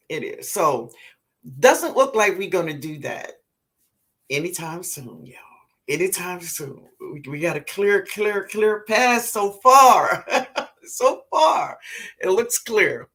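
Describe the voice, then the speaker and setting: A woman with a New Orleans accent hosting a live gardening show, reading viewer comments aloud in a relaxed way and calling people baby. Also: on the low side, gravelly. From Louisiana, US. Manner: calls viewers baby, laughs often. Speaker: gardening livestream host.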